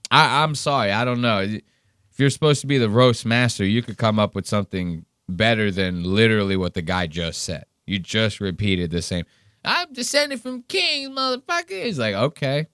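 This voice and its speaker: A man hosts a podcast and reacts to comedy clips in a loose, profane, mocking way. His voice is smooth and resonant. He sits close to a dry mic with no room sound. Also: lowish voice, normal speed, no room sound. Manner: profane, sarcastic, animated storytelling. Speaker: podcast host. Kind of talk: casual commentary on clips.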